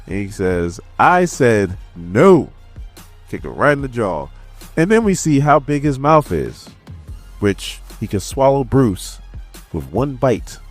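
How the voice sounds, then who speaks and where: A man's voice: mid-range voice, very animated, unhurried, faint music behind. A man casually recapping a comic issue, laid-back and slangy as he tells the story. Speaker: comic book reviewer.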